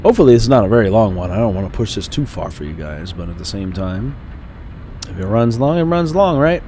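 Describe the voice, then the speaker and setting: A man's voice: lowish voice, very animated, brisk, mellow, a little hiss or hum. A man hosting a game playthrough, chatting casually and thinking aloud, often correcting himself. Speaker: gaming channel host. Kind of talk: let's play commentary.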